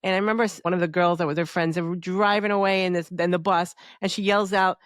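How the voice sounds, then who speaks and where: A woman's voice: on the low side, steady tone, fast talker, dry recording, studio quality. A woman from New York with Argentine family, co-hosting a casual podcast and telling stories candidly with plenty of swearing. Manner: candid storyteller who swears freely. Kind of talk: casual chat.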